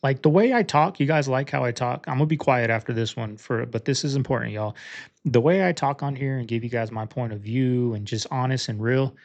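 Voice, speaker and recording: A man's voice: medium pitch, brisk, creaky. A man hosting a reaction channel, talking casually and earnestly straight to his viewers, rambling a little as he gives his view.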